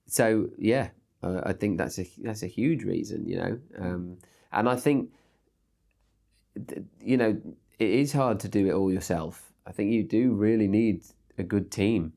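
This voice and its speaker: Low-voiced hesitant male guest. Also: unhurried, gravelly, dark tone. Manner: hesitant, self-deprecating, many fillers and restarts. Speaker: guest, film director. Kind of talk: casual interview chat.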